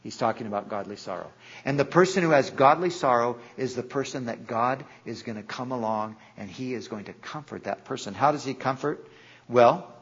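A man's voice: mid-range voice, a little fast, breathy edge, lo-fi sound. A man preaching a sermon in an earnest way, sometimes acting out the voices in the stories he tells. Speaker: pastor.

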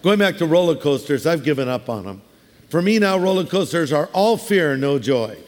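A man preaching a sermon in a relaxed, conversational way, mixing scripture with humorous everyday asides. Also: a little high, moderate pace. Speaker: pastor. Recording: long hall reverb.

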